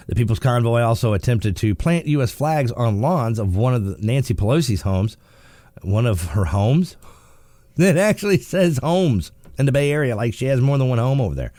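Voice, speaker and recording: A man's voice: mid-range voice, a little mellow, no room sound. Joking radio host man. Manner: joking and sarcastic, laughs often. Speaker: radio talk show host. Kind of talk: casual talk radio commentary. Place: radio studio.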